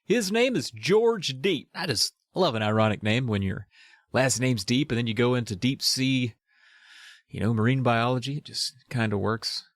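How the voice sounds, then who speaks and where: Male co-host, mid pitch, wry humor, dry close recording. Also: moderate pace, no room sound. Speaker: podcast co-host. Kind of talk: casual book-discussion podcast chat.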